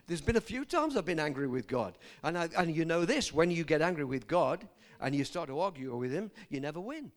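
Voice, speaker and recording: A somewhat high-voiced man preaching his own testimony from the pulpit. His pitch rises and falls a great deal as he talks earnestly and directly to the congregation. He often stops to question them and trips over his words when he is moved. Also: lively intonation, fairly quick. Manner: earnest, speaks straight to the congregation with asides and questions. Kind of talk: personal testimony in a sermon.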